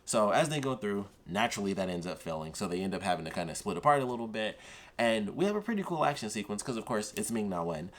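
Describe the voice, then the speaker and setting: A man's voice: on the low side, very animated, fast talker. A man giving a casual, rambling spoken review of a TV episode, full of "like" and "of course.".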